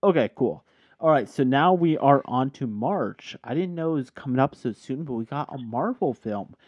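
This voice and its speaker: A man's voice: mid-range voice, animated, moderate pace, dry recording. A tipsy man hosting a casual podcast chat, rambling and correcting himself as he goes. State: tipsy from drinking. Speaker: podcast host. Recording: dull lo-fi sound.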